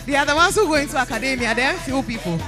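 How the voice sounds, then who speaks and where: Talking very fast in a high, animated voice, a woman with a Ghanaian accent emcees a live event and urges people from the crowd to come forward, repeating the call again and again. Faint music can be heard from the event hall.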